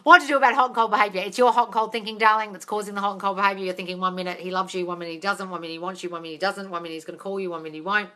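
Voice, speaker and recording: A woman's voice: mid-range voice, steady tone, very fast, few pauses, pushed and bright. Blunt, sweary woman on a live stream. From Australia. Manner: blunt and sweary, reads out comments and answers them. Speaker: manifestation coach answering live questions. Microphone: phone.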